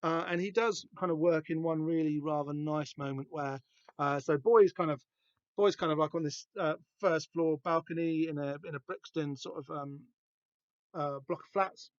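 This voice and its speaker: A man hosting a podcast, talking through a comic book in a rambling, halting way with lots of fillers and restarts. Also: on the high side, steady tone, smooth, no room sound. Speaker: podcast host. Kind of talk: casual comic book discussion. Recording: dull, dry lo-fi podcast recording.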